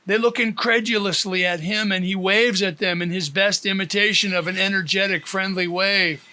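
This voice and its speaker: A man reading his own novel aloud as an audiobook, in a steady, plain storytelling manner. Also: high voice, normal speed. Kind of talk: audiobook narration.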